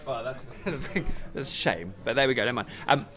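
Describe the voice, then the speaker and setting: A man's voice: medium pitch, expressive, moderate pace, a bit bright, soft background music. A man hosting a live football fan show in a pub, chatting jokily and reading out viewers' questions. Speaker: host.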